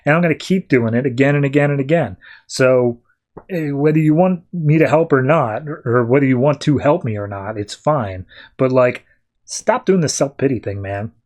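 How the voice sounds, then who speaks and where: Brief: brash tech-geek young heroine, casually read by a man, slangy, even pitch. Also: moderate pace, close to an everyday voice. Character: young woman hero, tech-savvy and brash.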